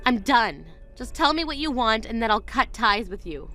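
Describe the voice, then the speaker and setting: A woman's voice: a little high, big pitch swings, normal speed, bright, forceful tone, faint music behind. A woman voicing a wronged young bride in a texting story, indignant and firm. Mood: cold.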